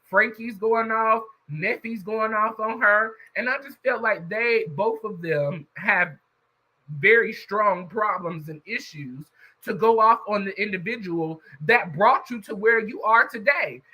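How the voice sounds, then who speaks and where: A man's voice: sits high, pushed and bright, poor audio. A man casually recapping a story for his viewers, chatty and talking straight to the audience. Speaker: YouTube reviewer.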